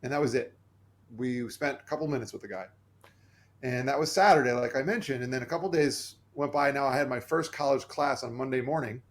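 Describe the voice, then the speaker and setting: A man's voice: medium pitch, fairly quick. Earnest man telling a personal story. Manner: earnest and animated, acting out quoted voices. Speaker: podcast guest.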